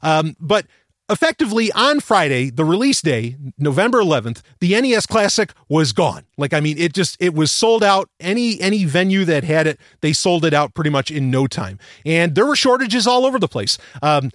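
Guy rambling thru a story on his podcast, high voice that swoops all over, super dry close sound. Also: normal speed, no room sound. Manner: animated, rambling, with repeated restarts and swearing. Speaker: podcast host. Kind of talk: casual storytelling monologue.

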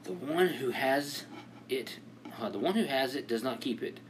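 A man's voice: medium pitch, expressive, moderate pace, slight background noise. A man co-hosting a casual comedy podcast, posing riddles and laughing often. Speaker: podcast co-host.

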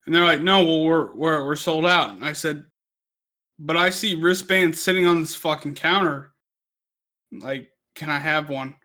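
A man's voice: a little high, unhurried, bright, forceful tone. A man telling a rambling, profane story on a podcast, drunk and laughing through his own anecdote. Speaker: podcast co-host.

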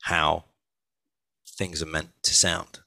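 A man, an author and audiobook narrator, chatting as a guest in an animated, rambling way with many restarts. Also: extremely low pitch, slow, creaky, no echo. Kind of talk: casual conversation.

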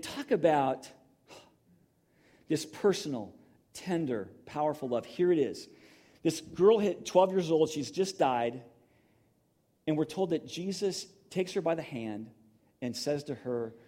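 A man's voice: fairly high pitch, darkish tone. A middle-aged man preaching in a conversational, emotional storytelling manner, full of restarts. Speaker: pastor. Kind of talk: sermon.

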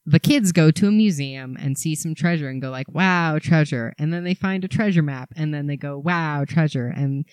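A man's voice: fairly high pitch, fairly quick, hardly any pauses, darkish tone, clean tone, dry recording. A young man from Canada co-hosting a casual podcast, sarcastic and playful, swearing for comic effect. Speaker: podcast co-host. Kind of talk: casual chat.

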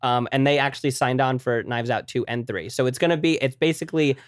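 A woman's voice: extremely low pitch, fast talker, no room sound, studio quality. A woman co-hosting a casual podcast, teasing her co-host with a wry edge.

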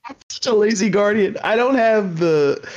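A man with a mid-pitched voice chats in an easygoing, self-deprecating way, heard over a slightly muffled, dull-sounding line. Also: normal speed, darkish tone, a little hiss or hum. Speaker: guest streamer. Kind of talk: casual gaming chat.

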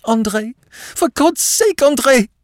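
A high, pleading voice of a desperate countess, put on by a man reading the tale. She pants through each cry, her tone stretched and swinging wide. The sound is dry and close. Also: lively intonation, slow pace, no room sound, exaggerated voice. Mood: frantic. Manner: high strained cries, panting.

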